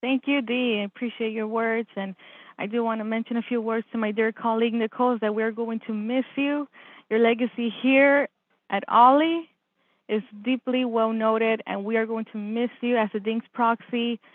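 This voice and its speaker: A woman, a program coordinator, giving earnest, measured thanks to a colleague on a video call. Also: fairly high pitch, flat delivery, no echo. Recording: tinny phone-like audio, dry.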